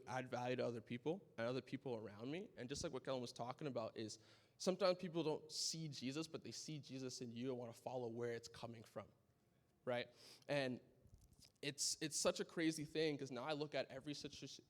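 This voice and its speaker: A young man giving an earnest personal testimony at a conference, telling his story with animated energy and often checking in with "right?". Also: medium pitch. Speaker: conference speaker. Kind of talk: testimony talk. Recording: long hall reverb.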